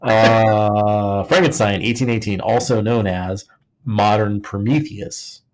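A low, darkish, steady voice that moves slowly belongs to a man co-hosting a podcast. He rambles humorously about history in relaxed conversation, repeatedly saying "like" and starting over mid-thought.

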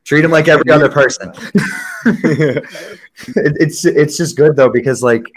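A man's voice: on the high side, measured pace. A man hosting a sports podcast with a New York accent, chatting casually and laughing often, with many "like" fillers. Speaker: podcast host. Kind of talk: casual chat.

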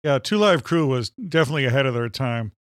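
Smooth-voiced Minnesotan man joking around. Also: mid-range voice, fast, no echo, clean studio sound. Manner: jokey, deadpan asides. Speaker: podcast co-host. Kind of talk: casual banter.

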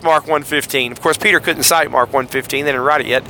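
A man's voice: mid-range voice, fairly even intonation, fast talker, sharp tone, a little hiss or hum. A man with a Southern US accent hosting a podcast, casually retelling Bible passages and acting out the quoted lines in voices. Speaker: podcast host.

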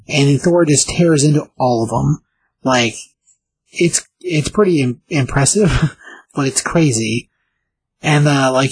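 Husky man recapping a comic. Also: mid-range voice, rough recording. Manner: halting, many filler pauses. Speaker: comic book reviewer.

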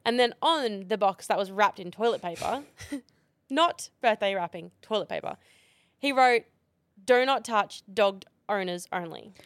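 A woman's voice: medium pitch, measured pace, no echo. A young woman in her twenties co-hosting a casual podcast, telling a story with lots of fillers. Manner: animated storytelling with many fillers. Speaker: podcast co-host. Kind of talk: casual chat.

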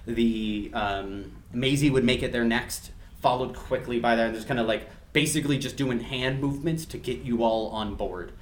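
A man's voice: mid-range voice, normal speed, hardly any pauses, slight background noise. A man narrating as game master for a tabletop game, rambling with lots of fillers and laughing along with his players.

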